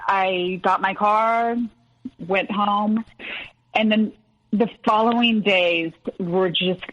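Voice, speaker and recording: A woman guest recounting a personal story in a hesitant, halting way. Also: medium pitch, fairly bright tone, muffled recording. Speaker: podcast guest.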